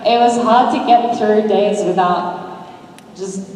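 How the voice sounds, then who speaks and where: A woman's voice: medium pitch, fairly even intonation, slow, a little mellow. Chatty woman in a reverberant hall. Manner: chatty, laughing easily. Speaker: actress on a fan convention panel. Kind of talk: casual panel talk. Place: large convention hall. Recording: echoey hall, distant fan recording.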